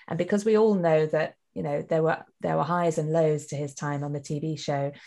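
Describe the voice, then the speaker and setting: A woman director talks casually in an interview, low in pitch for a woman. She laughs often and trails off, restarting her sentences as she goes. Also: a little mellow. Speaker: audio drama director.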